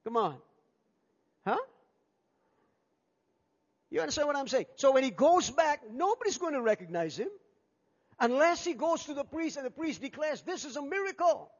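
A man preaching a sermon as pastor, animated and acting out the people in his story. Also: very high voice, moderate pace, long pauses. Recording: dull sound with long hall reverb.

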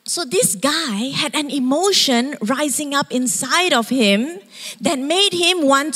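A woman preacher delivers a lively sermon, her fairly high voice rising as she acts out shouts. She keeps asking the congregation questions. Her voice carries a long reverb through a church hall. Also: slow pace.

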